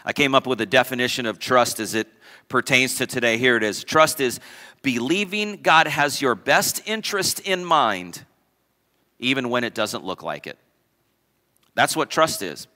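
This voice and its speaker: A man's voice: medium pitch, expressive, normal speed, bright, forceful tone, in a large hall. A man preaching a sermon as pastor, emphatic, repeating key phrases and asking the congregation questions. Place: church sanctuary.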